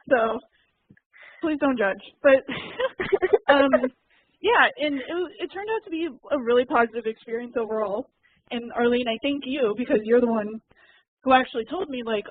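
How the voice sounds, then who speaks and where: Brief: higher-voiced woman, chatty and frank, heard over a tinny dry call line. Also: moderate pace, no echo. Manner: chatty and candid, many fillers. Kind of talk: casual chat. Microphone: call audio, muted and unmuted. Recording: thin phone-like dry call audio.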